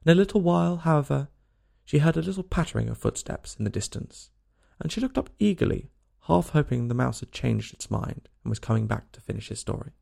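A man narrating a storybook chapter in a measured, expressive reading. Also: mid-range voice, gravelly. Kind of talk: audiobook storytelling.

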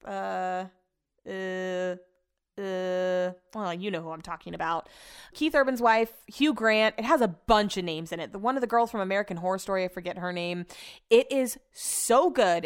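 A woman's voice: mid-range voice, clean tone. Chatty young woman telling a funny story. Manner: chatty, laughing, swears freely. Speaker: vlogger. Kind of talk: casual storytelling to viewers.

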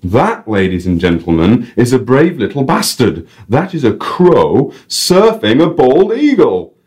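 A man reading aloud voices an excitable, crude, red-faced male bird-show guide with a Northern English accent. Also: mid-range voice, unhurried, pitched above the performer's own voice. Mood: excited commentary. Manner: exclaiming, commentating on a microphone.

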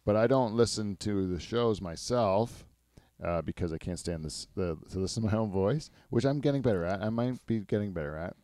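A man hosting a podcast in casual, rambling chat, self-mocking and quick to laugh. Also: lowish voice, dark tone, no room sound, studio quality. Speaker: podcast host.

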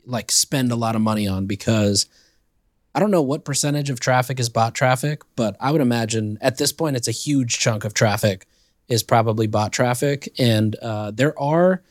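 A man's voice: mid-range voice, normal speed, no echo. Laid-back male co-host, dry close sound. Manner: laid-back, blunt, laughs easily. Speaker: podcast co-host. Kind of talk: casual chat.

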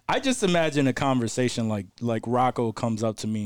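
A man's voice: mid-range voice, lively intonation, fairly quick, clean tone, no echo, studio quality. A man co-hosting a podcast, laughing often and swearing in loose, rambling banter. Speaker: podcast co-host. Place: studio.

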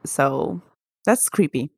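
A podcast co-host on a casual spooky show, this woman has a low, gravelly, slightly rough voice and draws out her words. She tells stories with lots of laughter, acting out quoted voices animatedly, all in a dry, studio-quality recording.

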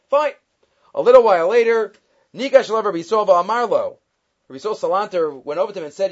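A man's voice: high voice, lively intonation, brisk, muffled recording. A man giving a Torah class, retelling stories and weaving Hebrew quotations into his English. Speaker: Torah teacher.

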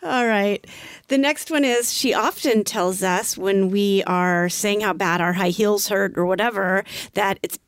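Una mujer, copresentadora de un pódcast, que charla con soltura, se ríe y se corrige sobre la marcha. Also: female voice, mid-range voice, measured pace, clear, resonant tone, no echo. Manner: giggly, self-correcting. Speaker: co-host. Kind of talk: casual podcast chat.

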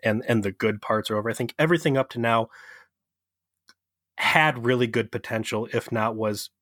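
A young adult man co-hosting a podcast, casually recapping an episode with profane, animated storytelling. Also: medium pitch, moderate pace, dry recording, studio quality. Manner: profane, animated storytelling with mocking quoted voices. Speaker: podcast co-host.

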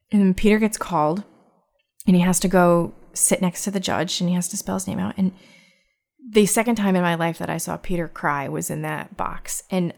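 A woman with a lowish, creaky voice tells a personal story in conversation. She sounds candid and reflective, speaking haltingly as she often stops, restarts and repeats words.

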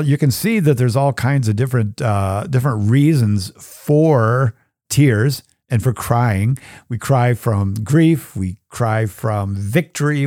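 A middle-aged man from Minnesota hosts a faith podcast in a folksy, chatty way. His voice is mellow and warm. The sound is dry and close to the mic. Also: mid-range voice, no room sound. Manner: chatty, folksy, animated asides. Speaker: podcast host. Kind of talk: casual Catholic teaching talk.

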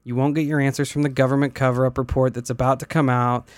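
Brief: male podcast host, reads posts in an even voice, dead-dry studio sound. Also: mid-range voice, fast talker, few pauses, no echo. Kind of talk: reading aloud and casual chat.

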